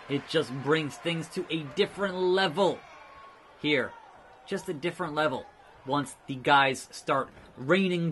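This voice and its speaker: A man hosting a let's play, giving excitable, jokey wrestling play-by-play with sudden shouts. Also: on the high side, a little hiss or hum. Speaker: host.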